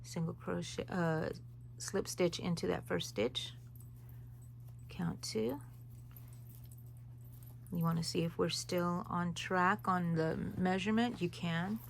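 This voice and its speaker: A woman's voice: fairly low pitch, steady tone, slow, vocal fry, pauses often, slight background noise. A woman hosting a crochet tutorial, talking viewers through each stitch in a casual, rambling way with chatty asides. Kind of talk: casual step-by-step tutorial chat.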